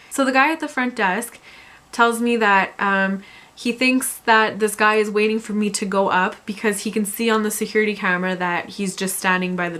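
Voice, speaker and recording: A young woman telling a storytime vlog in an exasperated, animated way. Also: medium pitch. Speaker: vlogger.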